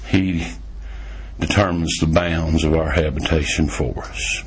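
Husky folksy preacher man. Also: fairly even intonation, unhurried. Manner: folksy storytelling preaching, swinging from emphatic highs to low quiet lines. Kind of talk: sermon.

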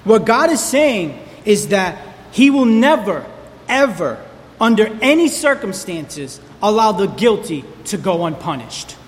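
Male pastor, emphatic sermon delivery, high voice, hall reverb, faint background hiss. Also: sing-song, a little slow. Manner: emphatic, repeats key words for stress.

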